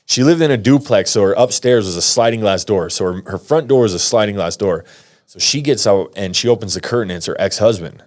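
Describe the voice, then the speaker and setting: Male guest, 30s, American, low voice, slangy animated storyteller. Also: fairly quick. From United States. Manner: animated, slangy, acts out quotes. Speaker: podcast guest. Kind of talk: casual storytelling.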